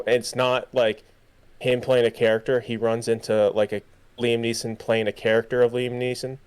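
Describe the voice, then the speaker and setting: Smooth-voiced young man rambling casually. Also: mid-range voice. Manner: rambling, full of fillers and restarts. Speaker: podcast co-host. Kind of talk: casual chat.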